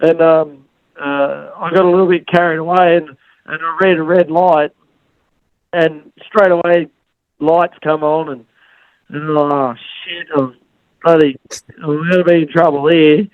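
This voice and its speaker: A man's voice: on the high side, steady tone, a little slow, long pauses, no echo, narrow, tinny audio. An Australian man, a motorcycle racer and podcast guest, telling rambling stories with plenty of restarts and acting out what other people said. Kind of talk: casual storytelling on a podcast.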